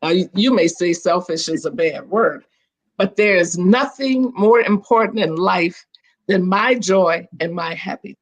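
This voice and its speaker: An older woman, a guest on a video call, telling stories in a chatty, animated way and often restarting her sentences. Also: lowish voice, measured pace. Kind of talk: casual storytelling on a video call.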